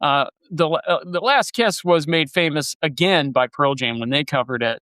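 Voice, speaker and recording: Male podcast host, rambling and enthusiastic, smooth tone, bone-dry close-miked sound. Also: on the high side, normal speed, sharp tone, no room sound. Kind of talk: casual podcast chat.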